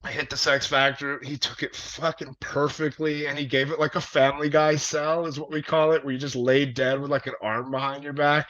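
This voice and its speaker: A man, a wrestler, telling a long story in casual conversation, animated and profane with plenty of fillers. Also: fairly high pitch, fairly quick, hardly any pauses. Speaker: wrestler guest. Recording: dull lo-fi audio.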